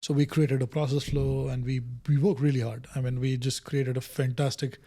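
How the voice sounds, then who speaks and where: A man's voice: mid-range voice, moderate pace. A middle-aged man, a guest, talking through a story in an interview and acting out the quoted lines. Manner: animated storyteller who acts out quoted dialogue. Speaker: guest, innovation director.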